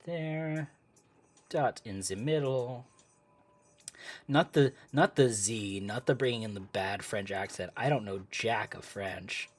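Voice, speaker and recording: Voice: medium pitch, takes it slowly. A live-stream host chatting casually with viewers while crafting at home, easily sidetracked and laughing often. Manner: talks to live chat. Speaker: livestream host.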